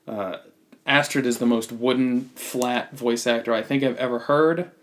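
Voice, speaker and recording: A man's voice: medium pitch, normal speed. Blunt, opinionated man reviewing a movie. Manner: opinionated, blunt, frequent restarts. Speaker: podcast host. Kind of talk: casual movie review chat.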